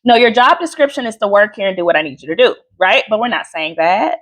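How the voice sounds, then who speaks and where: A woman coach teaching a live workshop on handling anger, chatty and animated, with asides and quick laughs. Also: medium pitch.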